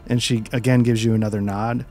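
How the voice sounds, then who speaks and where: Calm man narrating a tabletop game. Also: mid-range voice, a little fast, soft background music. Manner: calm descriptive narration with many fillers. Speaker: game master.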